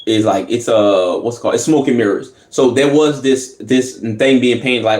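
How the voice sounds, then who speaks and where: A man hosting a reaction video, talking casually in an animated, slangy way and laughing often. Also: medium pitch, fairly quick, few pauses. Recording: echoey room.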